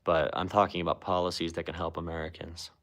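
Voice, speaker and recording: A man's voice: deep voice, flat delivery, fast, a bit bright. A man talking politics in a casual, blunt, sarcastic way, with lots of "like" fillers. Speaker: political commentator. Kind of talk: casual chat.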